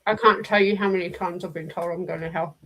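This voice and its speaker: A woman's voice: fairly low pitch, expressive, normal speed, muffled recording, slight background noise. A woman with a New Zealand accent hosting a book club stream, chatting casually and telling stories with laughs. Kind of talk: casual chat.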